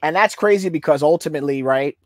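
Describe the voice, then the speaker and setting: A man's voice: on the high side, quick pace, no room sound, clean studio sound. A man hosting a podcast, prompting his guest and chiming in to explain details in casual chat. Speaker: podcast host.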